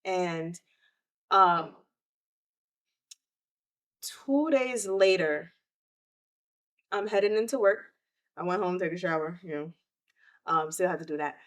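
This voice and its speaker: A woman's voice: fairly low pitch, takes it slowly, pauses often. Woman sharing a grief story. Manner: emotional, animated retelling with quoted outbursts. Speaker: podcast host. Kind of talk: personal storytelling.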